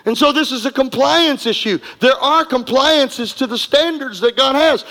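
A man's voice: very high voice, normal speed, few pauses, pushed and bright. A man preaching a sermon as pastor, emphatic and repetitive, leading the congregation in call-and-response. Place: church sanctuary. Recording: long hall reverb.

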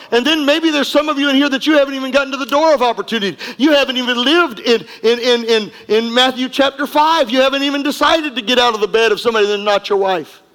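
Speaking fast with few pauses, a man preaches as pastor in a very high, slightly bright voice. His sermon is emphatic and repetitive, with the congregation responding in call-and-response, recorded in a church sanctuary with long hall reverb.

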